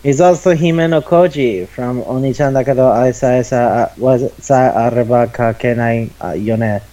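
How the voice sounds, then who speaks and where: A man in his twenties co-hosting a casual chat podcast, excitable and quick to swear. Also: mid-range voice, dull audio. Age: 20s. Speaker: podcast co-host. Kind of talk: casual chat about anime.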